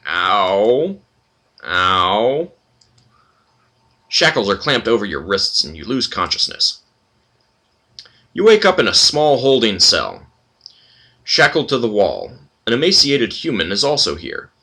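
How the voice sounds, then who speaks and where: Husky, lively let's play host. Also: male voice, medium pitch, normal speed, pauses often. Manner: chatty, with frequent fillers. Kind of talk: casual gameplay commentary and reading game text.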